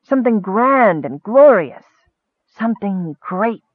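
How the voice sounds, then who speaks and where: Coaxing dream-voice whisper, slow and hushed, read by a man; narrow, dry recording. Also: sits high, animated, no echo, full character voice. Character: soft, whispering dream voice, seductive.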